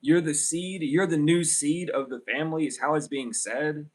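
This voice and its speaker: A man's voice: on the high side, steady tone, moderate pace. A young man giving a casual tarot reading, rambling and blunt with plenty of swearing. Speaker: tarot reader.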